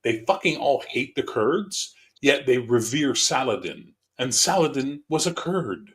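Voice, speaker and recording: A man talking casually with friends, with a steady voice of middling pitch. He swears freely and tells stories in a blunt, offhand way. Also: a little slow. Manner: blunt, profane storytelling. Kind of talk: casual chat among friends.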